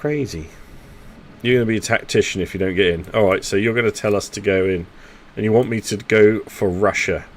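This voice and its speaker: A man live streaming a strategy game chats casually with his teammates and thinks out loud. His voice is fairly low and fairly quick.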